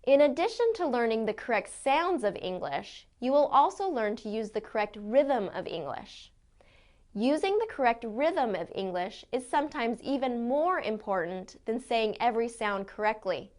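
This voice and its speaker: Woman, pronunciation teacher, scripted lesson narration, clear deliberate delivery, somewhat high voice. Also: sing-song, a little mellow. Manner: clear, deliberate modeling of sounds.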